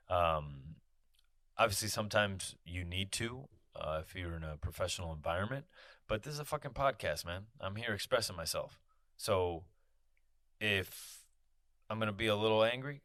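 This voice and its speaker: A man's voice: on the low side, fairly bright tone, dry recording, clean studio sound. A man hosting his own podcast, talking in a candid casual monologue, swearing freely and peppering his talk with "you know". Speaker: podcast host. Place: podcast studio.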